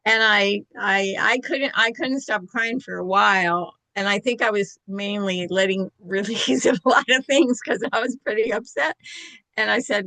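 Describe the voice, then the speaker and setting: A woman's voice: medium pitch, moderate pace, pushed and bright, dry recording. An older woman telling a personal story in a candid, self-deprecating way, laughing now and then.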